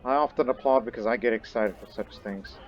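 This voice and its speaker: A man's voice: mid-range voice, brisk, muffled recording. Man chatting through a strategy game. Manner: chatty, thinking aloud with asides. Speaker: game streamer. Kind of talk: casual gameplay commentary.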